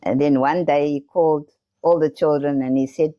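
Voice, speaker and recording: A woman's voice: low-pitched, fairly even intonation, normal speed, dull audio. A woman telling her personal testimony, acting out the voices of others in her story. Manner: earnest storytelling, acts out voices in quotes. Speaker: testimony speaker.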